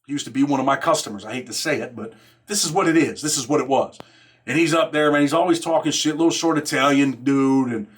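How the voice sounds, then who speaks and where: A man's voice: fairly high pitch, fairly bright tone. A man hosting his own show, telling a story in a casual, streetwise, profane way and dropping "man" into nearly every phrase. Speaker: host.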